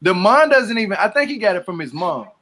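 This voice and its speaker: A man's voice: high-pitched, sing-song, a little fast, sharp tone. A man in a casual reaction chat, laid-back and slangy, teasing the others. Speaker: co-host reacting to a reality show.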